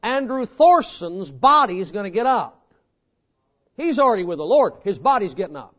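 A man preaching a sermon in a folksy, animated storytelling manner. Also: high voice, normal speed. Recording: dull lo-fi sermon recording.

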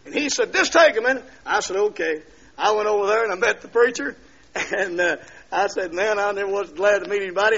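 An older male preacher tells his testimony in a high, bright, ringing voice, telling the story in turns and rising into fervent shouts. The sermon comes through on a dull, lo-fi recording of a church service. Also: creaky, husky.

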